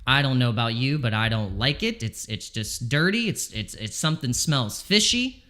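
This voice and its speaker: A man's voice: mid-range voice, lively intonation, normal speed, sharp tone. A man streaming his crypto trades live from home, talking anxiously and pleading over and over with the market. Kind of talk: live trading stream commentary.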